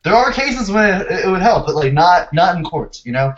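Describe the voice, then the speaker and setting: A man chatting calmly on a podcast, reasoning through an example. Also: high-pitched, normal speed, a crowd in the background. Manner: calm, reasoning. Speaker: podcast co-host. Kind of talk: casual chat. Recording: dull lo-fi mic.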